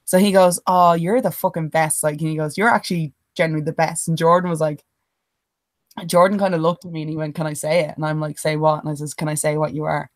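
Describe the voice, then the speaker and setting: Recorded dry and studio-clean, a young Irish woman speaks low and fast as she co-hosts a podcast. Her casual story is packed with curses, and she animatedly impersonates what other people said.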